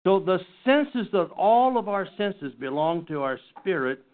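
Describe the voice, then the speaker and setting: A man teaching a Bible study class in an earnest, halting way, often restarting his sentences. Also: high voice, very animated. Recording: tinny phone-like recording.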